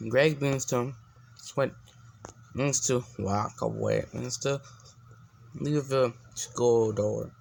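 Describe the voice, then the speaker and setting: A man narrating an improvised story in a slow, unhurried way. His voice has a gravelly grain, and he wanders through his sentences with restarts and filler, backed by a faint hum of background noise. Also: mid-range voice, fairly even intonation, a little mellow. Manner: rambling, full of restarts and fillers.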